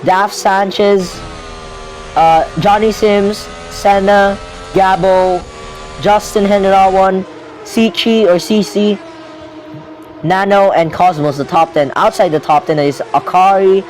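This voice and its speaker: A young man commentating a video game race live, rambling and correcting himself, getting excitable when cars crash out. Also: sits high, takes it slowly, low-quality recording.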